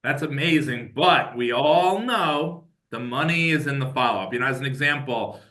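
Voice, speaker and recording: A man hosting a casual podcast interview, asking energetic, probing questions. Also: medium pitch, moderate pace. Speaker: podcast host.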